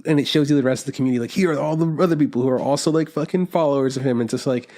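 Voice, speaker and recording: Male podcast co-host, fast talker, mid pitch, jokey and foul-mouthed. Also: warm tone. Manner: quick, joking, swears freely. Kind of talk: casual chat.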